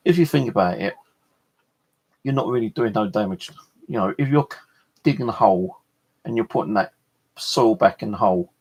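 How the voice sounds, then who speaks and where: A man tells a long, casual anecdote in a gravelly, slightly husky voice at a middle pitch. He rambles and swears freely, acting out both sides of the conversations he recounts. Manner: chatty, swears freely, retells dialogue. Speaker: vlogger.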